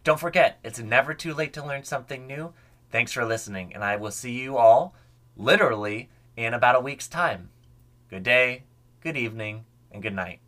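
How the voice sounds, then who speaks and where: A man's voice: medium pitch, normal speed, a bit bright. A young man hosting a solo history podcast, talking casually and enthusiastically. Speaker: podcast host.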